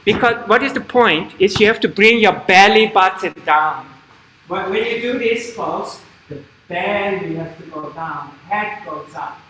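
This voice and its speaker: A man teaching a live online kids' yoga class over a video call, speaking in a slow, halting way with stops and restarts. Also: high voice, animated, bright, forceful tone. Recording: echoey room, faint background noise.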